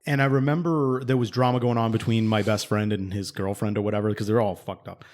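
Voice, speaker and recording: A man in his forties co-hosting a podcast, telling a long, profane story in a rambling way and getting animated when he quotes other people. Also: on the low side, quick pace. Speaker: podcast co-host. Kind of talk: casual storytelling chat.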